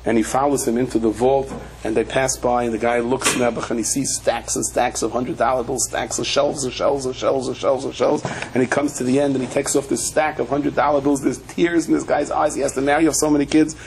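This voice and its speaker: A man with a voice of ordinary pitch gives a sermon-style Torah lecture as a rabbi. He tells humorous stories along the way and briefly acts out the voices of the people in them. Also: flat delivery, brisk, creaky, few pauses, noisy background. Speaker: rabbi teaching a Torah class.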